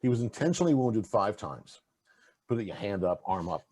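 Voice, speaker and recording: A man being interviewed as a game designer, telling rambling, animated stories full of fillers and restarts. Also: fairly low pitch, moderate pace, husky. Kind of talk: casual conversational interview.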